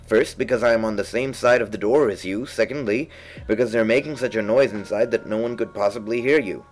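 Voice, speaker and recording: A man's voice: fairly low pitch, soft background music, pitched above the performer's own voice, close to an everyday voice. A man voicing a dull, solemn frog-faced footman in a storybook reading. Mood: unbothered. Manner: slow, flat, unbothered.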